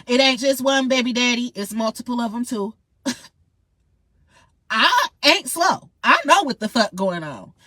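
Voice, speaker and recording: A woman's voice: a little high, moderate pace, fairly bright tone, no room sound. A woman ranting in a heated, profane, confrontational monologue straight to her viewers. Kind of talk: angry monologue vlog.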